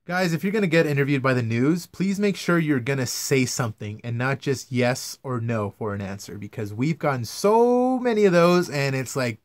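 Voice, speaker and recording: Young man, mid-pitch, dry close mic, casual profane vlog rant. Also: lively intonation, a little fast, hardly any pauses, no echo. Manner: profane, exasperated ranting. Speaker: vlogger, news camera operator.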